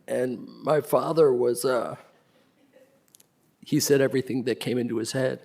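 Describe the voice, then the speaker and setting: A middle-aged man giving a spoken tribute, telling stories about his parents, sometimes loud and laughing, sometimes soft and close to a whisper. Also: mid-range voice, fairly even intonation, unhurried, creaky. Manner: swings between loud laughing bursts and soft near-whispers. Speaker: eulogy speaker.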